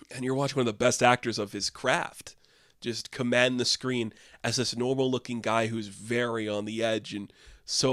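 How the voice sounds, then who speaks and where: A man's voice: mid-range voice, a bit bright, dry recording, studio quality. Enthusiastic man rambling about a film. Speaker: film reviewer. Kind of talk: casual film review.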